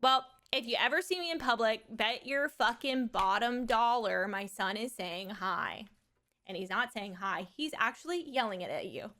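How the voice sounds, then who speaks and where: A woman's voice: on the high side, expressive, normal speed, bright, forceful tone, a little hiss or hum. A woman in her thirties chatting casually on a livestream, rambling frankly about raising her son and swearing freely. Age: 30s. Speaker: streamer and mother.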